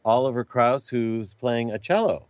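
A man hosting a talk show, enthusiastic and complimentary, with many halting fillers. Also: medium pitch, lively intonation, darkish tone, smooth, no echo.

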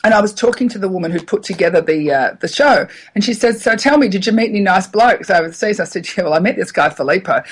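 A middle-aged woman, a radio comedian, telling stories in a casual interview, animated and laughing often. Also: medium pitch, quick pace, few pauses, slightly rough.

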